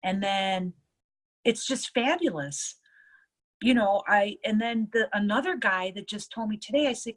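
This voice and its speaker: A woman nurse telling stories from her work in a casual interview, lively and acting out what others said. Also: mid-range voice, a little slow. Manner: lively storyteller, acts out others' lines. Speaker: nurse and EFT tapping practitioner.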